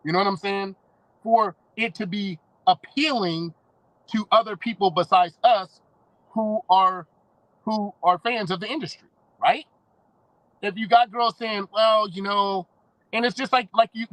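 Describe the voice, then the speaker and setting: A man's voice: high voice, unhurried, a bit bright, no room sound, low-quality recording. A man co-hosting a podcast in casual chat, rambling and enthusiastic. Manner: rambling, enthusiastic, laughs often. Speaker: podcast co-host.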